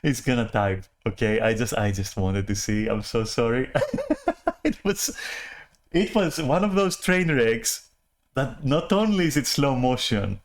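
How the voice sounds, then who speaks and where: Man, casual monologue, rambling, keeps saying sorry, laughs often, swears, average pitch. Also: animated, unhurried. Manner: keeps apologizing and laughing, swears, restarts a lot. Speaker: channel host.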